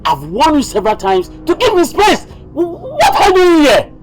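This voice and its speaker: Over background music, a young adult actor plays a bewildered, agitated young man who has lost his memory and doesn't recognize the people around him, in a youth drama. His natural voice is medium-pitched with big pitch swings, delivered at a moderate pace.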